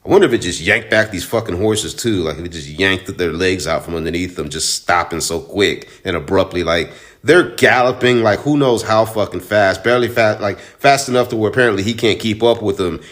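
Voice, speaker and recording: Man, somewhat low pitch, casual comic book recap, rambling, swears a lot, chatty. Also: fairly quick, hardly any pauses, a bit bright. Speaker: comic shop owner recapping a comic. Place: own store in Houston.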